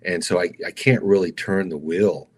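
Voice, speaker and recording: A middle-aged man, a stuntman guest, telling stories casually with animated energy, slipping into raised voices for other people and calling the host "dude". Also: deep voice, normal speed. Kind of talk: casual storytelling interview.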